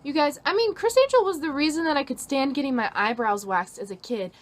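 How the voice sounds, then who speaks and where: Brief: young woman vlogger in her twenties, high and bright, gushing storyteller, music playing underneath. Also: animated, fairly quick. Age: 20s. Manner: gushing, bubbly, emphatic repetitions. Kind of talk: excited storytelling to camera.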